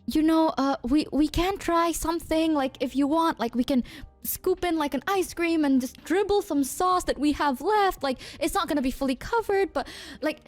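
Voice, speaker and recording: A young woman from Indonesia, a streamer telling a story to her chat in a casual, animated way, swearing often. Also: high voice, normal speed, faint music behind. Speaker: VTuber streamer.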